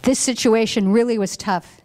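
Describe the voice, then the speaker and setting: A woman's voice: fairly high pitch, normal speed, a little mellow. Woman minister giving a heartfelt sermon. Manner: heartfelt, reflective, emotional at times. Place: church hall.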